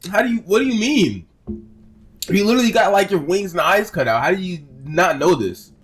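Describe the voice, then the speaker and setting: A man's voice: high-pitched, animated, brisk, breathy edge. A young man giving an exasperated, casual reaction rant as a commentator, stumbling over repeated words and swearing.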